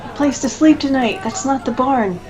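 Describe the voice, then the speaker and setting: A woman playing in a tabletop game, chiming in with quick reactions. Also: high-pitched, darkish tone, a faint crowd. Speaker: player. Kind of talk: casual in-character role-play.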